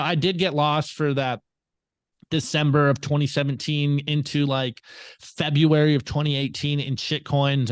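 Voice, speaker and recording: A young man from California tells his story in a loose, rambling way, swearing often and jumping between thoughts. His voice sits a little high for a man and sounds smooth and resonant. It is recorded dry and close, with no room sound. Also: dry recording. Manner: profane, rambling, animated storytelling. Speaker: guest. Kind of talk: casual interview storytelling.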